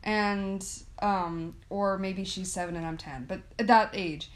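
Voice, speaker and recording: A woman's voice: mid-range voice, steady tone, unhurried. A young woman co-hosting a casual podcast chat, telling stories in a rambling way full of "like" and frequent laughter. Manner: chatty storyteller, heavy use of "like", laughs often. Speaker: podcast co-host.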